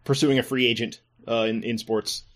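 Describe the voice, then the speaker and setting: Sports podcast host guy, casual, wry and deadpan. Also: mid-range voice, normal speed.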